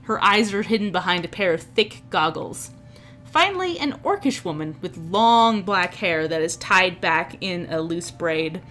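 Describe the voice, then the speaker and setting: A woman's voice: fairly low pitch, lively intonation, unhurried, fairly bright tone. Woman narrating as game master. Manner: descriptive, with frequent restarts.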